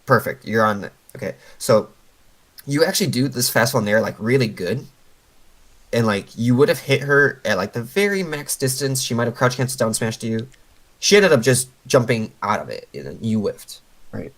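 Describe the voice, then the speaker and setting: A man's voice: mid-range voice, expressive, moderate pace, fairly bright tone, low-quality recording. A man coaching a player over a voice call, patiently explaining step by step with lots of fillers. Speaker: game coach.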